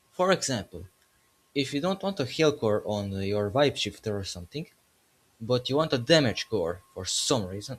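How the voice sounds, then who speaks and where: A man's voice: medium pitch, slightly rough. A man making a casual gaming commentary video, joking as he goes and correcting himself mid-sentence.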